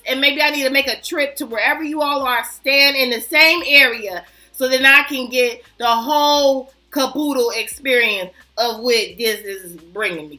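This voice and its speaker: Chatty, bright high-voiced woman vlogger. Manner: chatty, animated, self-mocking, addresses viewers as y'all. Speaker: fragrance vlogger. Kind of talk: casual chat to camera.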